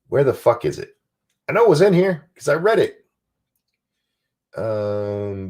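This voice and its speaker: A man's voice: mid-range voice, sing-song, normal speed, long pauses, darkish tone. A man hosting a live stream, reading news articles aloud and ranting about them with sarcasm and profanity.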